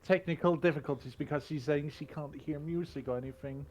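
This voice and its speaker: A man narrating a tabletop game as game master, setting scenes in an unhurried, casual way. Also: on the high side, a little mellow.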